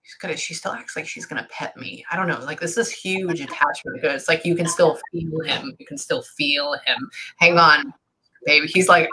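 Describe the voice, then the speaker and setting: A woman with a low-set, bright voice gives a casual pet reading. She speaks haltingly and breaks off often to ask for a moment. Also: steady tone, a little hiss or hum, rough recording. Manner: halting, keeps pausing with "hang on". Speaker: pet psychic.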